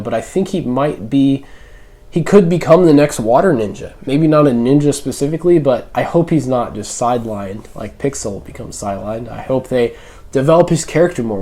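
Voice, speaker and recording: A young man with a medium-pitched, dark-toned voice delivers a casual spoken review as a YouTube reviewer. He rambles, filling his speech with fillers and restarts.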